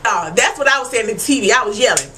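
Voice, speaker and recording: Woman, high pitched, bright and sharp tone, casual TV recap vlog, animated, profane, talks to viewers. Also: racing, a little hiss or hum, rough recording. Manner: animated, profane and emphatic, addressing viewers as y'all. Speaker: TV episode reviewer.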